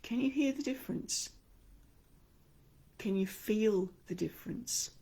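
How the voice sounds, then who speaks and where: A woman's voice: on the high side, a little slow, gravelly, mellow, husky. An Australian woman teaching an online speaking lesson, talking expressively and acting out the inner voices she describes. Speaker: speaking coach.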